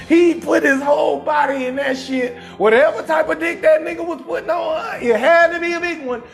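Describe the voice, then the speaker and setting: A man with a New Orleans accent hosting a live call-in show, telling a crude comic story loudly, often shouting and laughing as he talks to his chat. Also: very high-pitched. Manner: loud, animated, often shouting and laughing, calls chat names.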